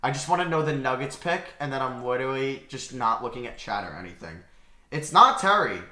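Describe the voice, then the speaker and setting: A young man hosting a live draft reaction stream, excitable and talking back to his chat, swinging from near-shouts to mutters. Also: medium pitch, brisk. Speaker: livestream host. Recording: roomy echo.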